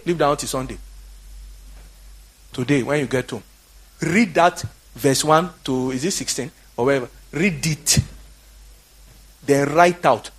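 A Nigerian man preaching a fiery, exhorting sermon that swings from quiet talk to shouting. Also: a little high. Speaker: pastor.

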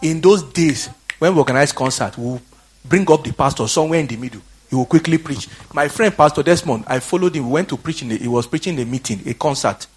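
A Nigerian man preaching a fiery, exhorting sermon that swings from quiet talk to shouting. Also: fairly high pitch, fast talker, slightly rough. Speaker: pastor.

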